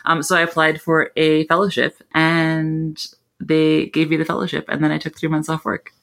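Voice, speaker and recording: A woman's voice: low voice, normal speed, gravelly. Female engineer guest from Canada, casual and laughing, slightly fried voice. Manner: hesitant, fillers, laughing, animated. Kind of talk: casual interview chat.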